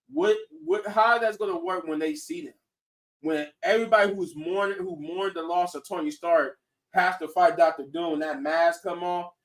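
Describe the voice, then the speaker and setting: A man hosting a podcast in casual chat, excitable and laughing often, restarting his sentences as he talks. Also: fairly high pitch, distant mic. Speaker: podcast host. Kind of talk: casual chat reviewing shows and movies.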